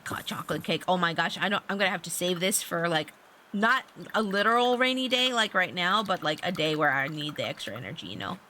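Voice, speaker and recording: A woman streaming a farming game, chatting casually and getting excitable and squealy over every find. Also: lowish voice, fairly quick, slight background noise. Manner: bubbly, excitable, squeals at finds. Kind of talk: casual gameplay stream chat.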